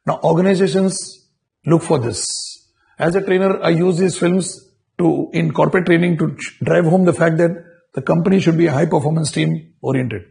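A man delivers a corporate training lecture, his voice sitting a little high and carrying a gravelly rasp. He checks in with his listeners through rhetorical questions and often restarts his phrases. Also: fairly even intonation, normal speed, a little mellow.

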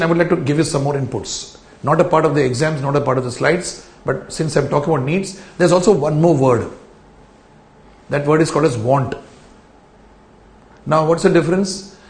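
A man's voice: on the high side, roomy sound. A man giving a recorded lecture to camera, explaining ideas with rhetorical questions and repeating key phrases. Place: indoor room, speaking in front of a camera.

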